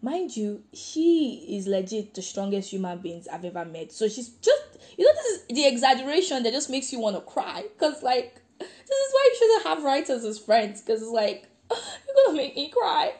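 A woman's voice: on the high side, sing-song, normal speed, darkish tone. A young woman hosting her own podcast, chatting casually and giggling while she reads a friend's letter aloud with feeling. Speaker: podcast host.

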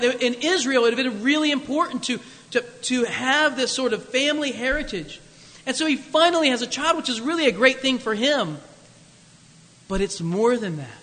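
Brief: chatty male preacher, high bright voice, long reverb from a large hall. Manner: conversational, jokey, many asides. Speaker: pastor. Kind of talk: sermon.

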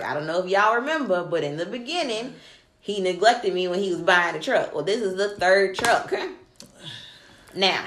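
Animated woman telling a story, echoey room. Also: mid-range voice. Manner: animated, swears freely, quotes people in dialogue. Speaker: podcast co-host. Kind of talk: casual storytelling chat. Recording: echoey room with faint noise.

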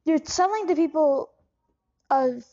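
A woman's voice: high voice, measured pace, warm tone, muffled recording. A woman hosting a comic improv interview, asking probing, incredulous questions. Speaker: interviewer host.

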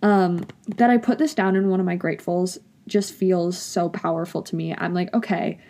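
A woman's voice: on the low side, steady tone, moderate pace, dark tone. A young woman in her twenties chatting casually to viewers, gushing and emotional, full of filler likes, reading bits from her journal. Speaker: vlogger. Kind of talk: casual chat.

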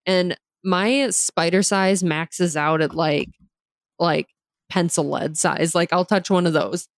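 A woman's voice: fairly low pitch, slow, no room sound, studio quality. A young woman co-hosting a podcast, talking bluntly and laughing often in a casual chat. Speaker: podcast co-host.

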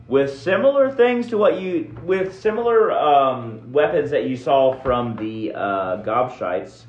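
A man narrating a tabletop game as game master, halting and restarting often. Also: mid-range voice, expressive. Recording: roomy, dull lo-fi recording.

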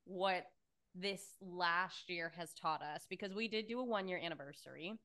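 A woman's voice: fairly low pitch, moderate pace, pushed and bright. A woman co-hosting a podcast in casual chat, emotional and swearing freely, with lots of "like". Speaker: podcast co-host.

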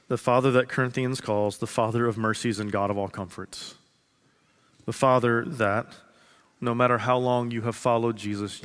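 Earnest man preaching in an echoing hall. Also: lowish voice. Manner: earnest, repeats phrases slowly for emphasis, swings from loud to hushed. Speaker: pastor. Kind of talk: sermon. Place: large church sanctuary. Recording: long reverb of a large hall.

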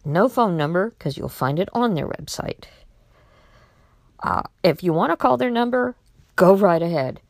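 Blunt woman with a gravelly low voice. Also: animated, normal speed, pauses often, no room sound, clean studio sound. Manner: blunt, exasperated, outspoken. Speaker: vlogger warning about scams. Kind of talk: casual monologue to camera.

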